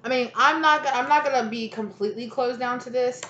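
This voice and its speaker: A woman's voice: fairly high pitch, fairly quick, a bit bright, dull audio. A woman giving a casual spoken tarot reading, chatty and laughing, swearing freely as she talks to her viewers. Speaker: tarot reader. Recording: roomy echo, faint noise.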